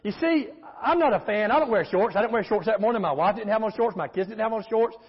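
A man's voice: high-pitched, expressive, fast talker, slightly rough. A man preaching a sermon as pastor, emphatic, with call-and-response and storytelling. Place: church sanctuary. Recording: echoey hall, muffled sound.

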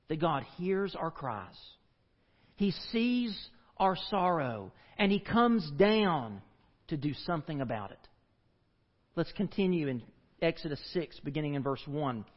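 A man pastor preaching a sermon in a church, dramatic, with sharp rises and falls in pitch and volume. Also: big pitch swings, measured pace. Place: church sanctuary. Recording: dull lo-fi audio with long church reverb.

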